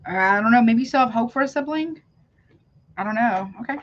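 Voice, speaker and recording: A woman reads tarot cards on a live stream. She chats loosely with her viewers, breaks off mid-sentence and calls them honey. Her voice sits a little high, and the sound is dull and lo-fi. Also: fairly quick. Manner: chatty, calls viewers honey, self-interrupting. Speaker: tarot reader. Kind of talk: live tarot reading, reacting to chat.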